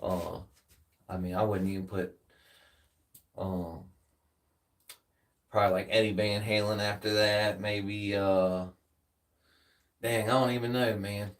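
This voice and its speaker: This is a laid-back American streamer with a Southern accent, worn out post-workout and chatting in slang with viewers. His lowish voice holds a steady tone as he takes things slowly with long pauses, captured at a distance from the mic.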